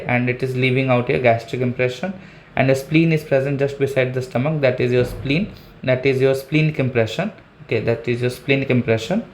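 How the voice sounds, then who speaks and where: A man's voice: medium pitch, slight background noise. A man with an Indian English accent giving an online anatomy lecture, explaining step by step, saying "okay" often and pointing at a diagram. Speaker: anatomy teacher.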